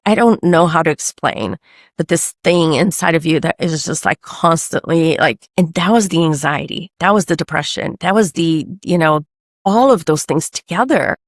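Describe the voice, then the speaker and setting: A woman in her forties from Brazil, telling her story in a casual interview in an animated way, with many restarts and acted-out quotes. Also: low voice, moderate pace, no room sound, studio quality. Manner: animated, restarts often, acts out quoted voices. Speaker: guest, medical sales rep and mother.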